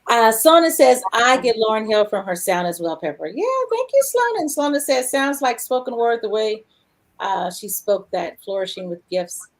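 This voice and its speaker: A woman hosts a casual talk show. She tells stories with lots of animation and jumps way up in pitch when she quotes people. Her talk is loose and conversational, with plenty of fillers. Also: sing-song, normal speed. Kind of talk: casual chat.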